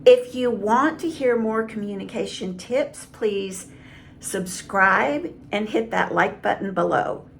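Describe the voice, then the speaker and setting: A woman communication coach giving calm, measured advice straight to camera. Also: medium pitch, gravelly, a little hiss or hum. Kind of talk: direct-to-camera coaching talk.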